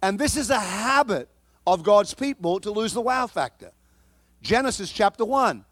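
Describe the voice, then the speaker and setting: Man, preacher, high-pitched voice, lively conversational sermon, dry close sound. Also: moderate pace, dry recording.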